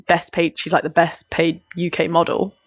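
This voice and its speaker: Brief: woman, podcast co-host, very low voice, chatty and halting, laughs a lot. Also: little pitch movement, slightly rough. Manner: hesitant, lots of ums, laughs often. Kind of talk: casual chat.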